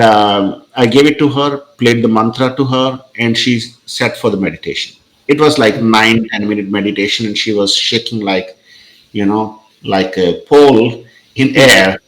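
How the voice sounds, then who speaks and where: A man's voice: on the low side, normal speed, fairly bright tone, low-quality recording. A man, a podcast guest telling a story in a hesitant, conversational way with many fillers.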